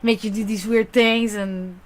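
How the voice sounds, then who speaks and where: Woman, German accent with a hint of Slavic, native German speaker, pitched a bit high; chatty livestream host with a bubbly, swinging delivery. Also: a little hiss or hum. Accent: German with a slight Slavic touch. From half German, half Serbian. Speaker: psychic reader and livestream host. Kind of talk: casual livestream chat.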